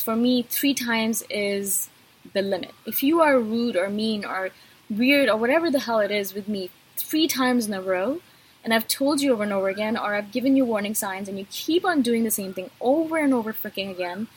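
A woman's voice: a little high, lively intonation, moderate pace, slightly rough, low-quality recording. A woman vlogger talking straight to her viewers in an intense, passionate way. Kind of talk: direct-to-camera talk.

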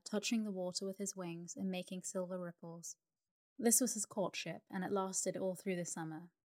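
A woman narrator reading a sleep story in a calm, even manner. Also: lowish voice.

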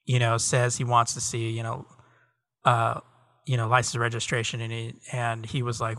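A man's voice: mid-range voice, moderate pace, dry recording, studio quality. A man co-hosting a podcast, casually retelling a TV episode's plot with lots of fillers. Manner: relaxed storytelling with many fillers. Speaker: podcast co-host. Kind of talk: casual chat recapping a TV episode.

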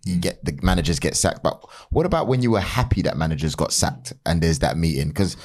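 A man's voice: deep voice, animated, a little fast, a little mellow. A man asking a guest questions in a casual interview, curious and probing.

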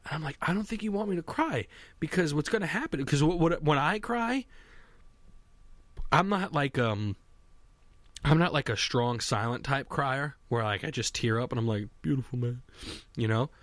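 Young man, slightly high voice, dry sound, rambling and profane, talking alone at home. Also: expressive, normal speed, a bit bright, no room sound. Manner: rambling, swearing, self-mocking. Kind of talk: casual solo monologue. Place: home basement.

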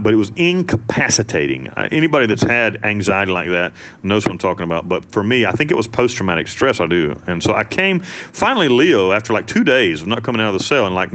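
A man telling his own story in an interview, blunt and profane, with animated delivery. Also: on the low side. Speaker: interviewee, former prisoner.

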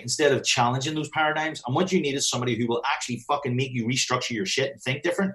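A man's voice: medium pitch, quick pace, few pauses, a bit bright. A man with a mid-range voice talks as a business coach for personal trainers, blunt and given to swearing. He acts out snatches of dialogue as he goes, in a casual, straight-talking chat.

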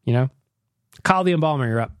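A man's voice: mid-range voice, quick pace, clean tone, dry recording. A man with an everyday mid-range voice hosts a casual chat podcast in a jokey, upbeat way, laughing easily. The sound is close and dry. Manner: jokey, laughs often, lively. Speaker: podcast host. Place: Edmonton.

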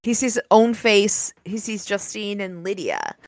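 A woman hosting a book podcast, reading a novel aloud and breaking in with excitable commentary and the odd swear. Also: medium pitch, measured pace, no echo, studio quality. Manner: excitable, swears when surprised. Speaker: podcast host.

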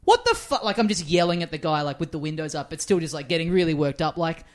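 An Australian man co-hosting a comedy podcast, telling stories in casual, animated chat with plenty of swearing. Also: fairly high pitch, quick pace. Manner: animated storyteller, swears freely. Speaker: podcast co-host.

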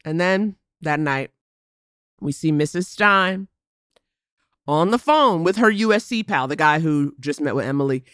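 Woman co-host gossiping about a tv show, lowish voice, big swings, dry close mic. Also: a little slow, clean tone, no echo. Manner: animated, laughing, dramatic quoting. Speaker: podcast co-host. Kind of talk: casual chat recapping a TV show.

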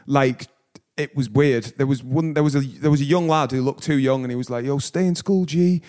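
A man with a Yorkshire accent, a rapper guest in a casual chat, relaxed and swearing freely. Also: mid-range voice, brisk. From Yorkshire, England.

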